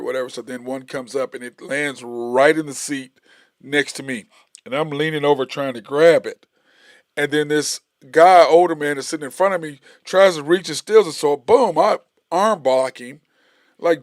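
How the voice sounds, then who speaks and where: A middle-aged man talks sports in a loose, rambling way, full of fillers and restarts. His voice sits at an ordinary middle pitch. The sound is dry and close, with no room echo. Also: fairly quick. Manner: animated storytelling, gets heated and loud when retelling a confrontation. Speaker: sports podcast host. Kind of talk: casual solo sports talk.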